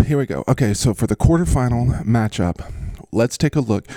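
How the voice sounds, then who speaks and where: A man's voice: mid-range voice, lively intonation, normal speed, warm tone, no echo. A man hosting a casual comedy podcast, rambling and poking fun at his own bits. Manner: rambling and self-mocking. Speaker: podcast host.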